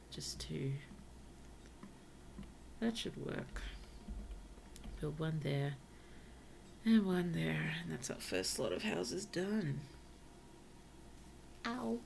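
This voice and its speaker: Brief: woman streamer, unhurried and gravelly, low-ish voice, casual game chatter with murmured asides. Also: a little hiss or hum. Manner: slow, chatty, talks to the villagers, drops to soft whispers. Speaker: VTuber streamer. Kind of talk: casual gameplay commentary.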